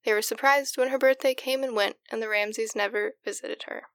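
A woman's voice: on the high side, fairly even intonation, brisk, a bit bright, no echo, clean studio sound. Insistent woman narrating a crime case. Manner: insistent, argumentative, swears casually. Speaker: podcast co-host narrating the case. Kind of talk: casual true-crime podcast chat.

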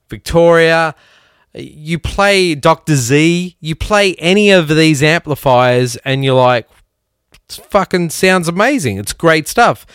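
A man hosts a guitar podcast in a rambling, foul-mouthed chat. His voice sits a little high and sounds smooth and resonant. The recording is dry, with no room sound. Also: no echo. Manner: rambling and profane, with self-mocking laughs. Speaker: podcast host. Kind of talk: casual chat.

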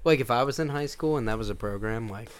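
A man's voice: mid-range voice, fast talker, clear, resonant tone. A man speaking in casual chat with sarcastic, mocking humor.

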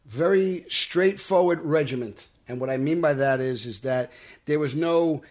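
A man's voice: a little high, a little slow. Brooklyn man telling street stories. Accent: Brooklyn New York. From Brooklyn, New York. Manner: animated storytelling, tough-talking. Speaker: actor guest. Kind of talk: casual interview. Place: podcast studio.

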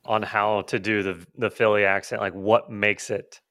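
A man's voice: fairly low pitch, little pitch movement, normal speed, pushed and bright, no room sound, clean studio sound. A man co-hosting a podcast in casual chat, rambling with many fillers and restarts. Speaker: podcast co-host.

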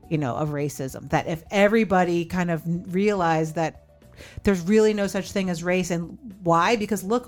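A woman in her forties hosting a podcast, candidly telling a personal story and acting out remembered dialogue. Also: low-pitched. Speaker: podcast host.

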